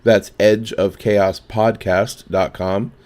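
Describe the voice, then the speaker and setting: A man's voice: on the low side, little pitch movement, a little mellow. Bantering male podcast co-host. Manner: joking banter, then rapid reading of show plugs. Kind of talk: casual political podcast chat.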